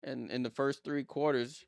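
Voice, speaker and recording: A man's voice: mid-range voice, steady tone, unhurried, creaky, smooth, no room sound, clean studio sound. A man streaming a casual live watchalong, calling plays and answering viewer comments with blunt, teasing remarks. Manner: reads viewer comments aloud and answers them.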